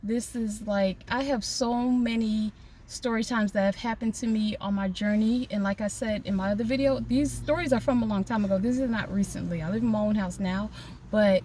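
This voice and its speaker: A woman's voice: mid-range voice, a little mellow, slight background noise. A woman vlogger casually telling a personal story to her phone camera, chatty, with many fillers and restarts.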